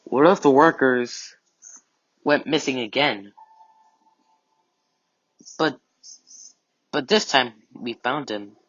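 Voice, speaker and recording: Slow, halting man telling a scary story. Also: mid-range voice, a bit bright, no room sound, lo-fi sound. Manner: halting, with restarts and run-on "and then"s. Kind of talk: improvised scary story narration.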